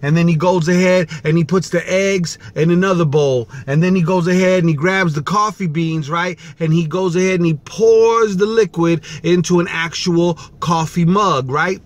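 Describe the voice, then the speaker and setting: Man with a high voice, casual vlog storyteller, animated and chatty. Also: moderate pace, hardly any pauses. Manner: casual, animated, repeats "right?".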